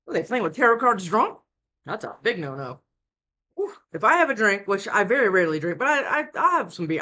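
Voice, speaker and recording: A woman's voice: medium pitch, fairly bright tone. A worn-out woman giving a casual tarot reading at home into a close desk mic, rambling with many restarts. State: worn out from lack of sleep. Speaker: tarot reader. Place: indoors at home.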